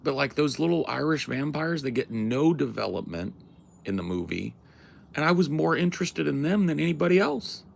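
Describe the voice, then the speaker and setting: A man's voice: on the high side, very animated, normal speed, creaky, a little hiss or hum. A man hosting a livestream, chatting casually with his viewers in a rambling, slangy way with plenty of swearing. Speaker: livestream host. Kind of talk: casual chat with a live chat.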